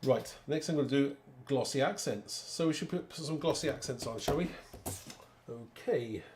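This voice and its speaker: A man's voice: medium pitch, normal speed, darkish tone. Brief: man, live craft demo host, chatty, in a roomy echoey studio with faint noise. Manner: chatty, talks to viewers while working. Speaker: card-making demonstrator.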